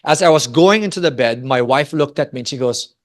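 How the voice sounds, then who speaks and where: Speaking fairly quickly in a medium pitch, this family ministry speaker from the Philippines, a man in his forties, relates a personal story in a Christian family talk. His delivery is animated and lively, and he often puts questions to the audience.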